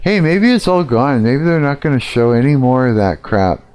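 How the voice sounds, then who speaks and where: A man's voice: mid-range voice, animated, normal speed, a little mellow, clean tone. A middle-aged man ranting casually on a live stream, swearing a lot and rambling with fillers.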